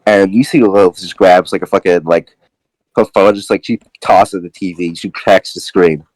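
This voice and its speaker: A young man narrating as game master in a tabletop game, fast and profane, laughing often. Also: low voice, fairly even intonation, a little mellow, dry recording, poor audio.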